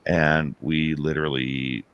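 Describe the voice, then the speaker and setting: A man, a paranormal radio host, telling an animated story as an interview guest and acting out the dialogue. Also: a bass voice, slow, lo-fi sound. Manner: animated storyteller who acts out quoted dialogue.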